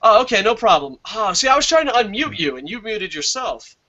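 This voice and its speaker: A man with a bright, forceful, fairly high voice hosts a loose wrestling review stream. He swears freely, reads out viewer comments and laughs at his own jokes. The audio is dull and lo-fi. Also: big pitch swings, brisk. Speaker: wrestling show host.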